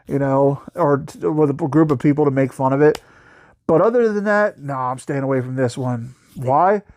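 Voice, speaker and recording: Profane, animated man ranting about a film. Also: fairly high pitch, no room sound, clean studio sound. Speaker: host reviewing a bad movie. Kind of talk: casual movie review rant. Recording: faint music behind the voice.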